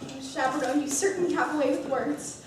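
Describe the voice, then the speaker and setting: A woman's voice: sits high, fairly quick, slight background noise, natural voice. A woman playing a glamorous, dramatic young showgirl bride in a stage musical. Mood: pleading. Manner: theatrical and gushing. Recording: echoey stage from far off.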